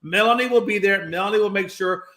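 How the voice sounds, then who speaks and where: A man's voice: high-pitched, fast talker, a bit bright. A man chatting casually on a sports talk show, joking and laughing often.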